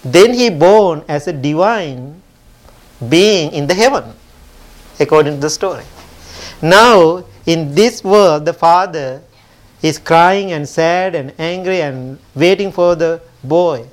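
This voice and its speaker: A man teaching at a temple, telling a parable in a gentle storytelling sermon with simple phrasing. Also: fairly high pitch, a little slow.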